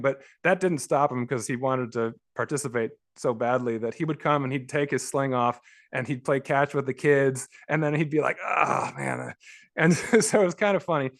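Guy in his 40s, guest on an interview, telling old stories all lively, laughing a lot, trips over words. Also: mid-range voice. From Los Angeles. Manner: animated storyteller, laughs often, many restarts. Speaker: author and guest. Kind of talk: conversational storytelling.

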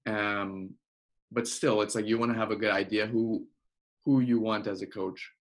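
A man's voice: lowish voice, steady tone, moderate pace. A man hosting an interview, asking long, searching questions full of fillers. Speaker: podcast host, interviewer. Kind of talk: casual interview conversation.

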